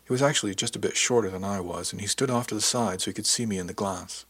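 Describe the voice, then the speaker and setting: Deep, husky male narrator. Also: quick pace, dry recording. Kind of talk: audiobook narration.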